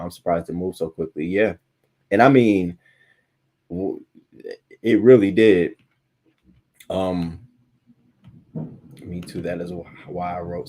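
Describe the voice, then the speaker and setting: A man's voice: low-pitched, steady tone, slow, pauses often, darkish tone, breathy edge. A man hosting a casual live-stream news show, talking bluntly with plenty of profanity and reading viewer comments aloud.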